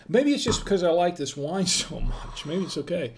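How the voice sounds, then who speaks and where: A man's voice: fairly high pitch, lively intonation, normal speed, slight background noise. A middle-aged man hosting a casual live-stream wine tasting, chatting with viewers in the chat and greeting them by name.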